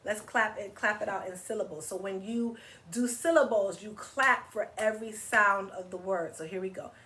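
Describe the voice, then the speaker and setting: A woman reading a children's picture book aloud in an animated, teacherly way, often stopping to ask her young listeners questions. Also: mid-range voice, normal speed, background noise. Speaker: children's story reader.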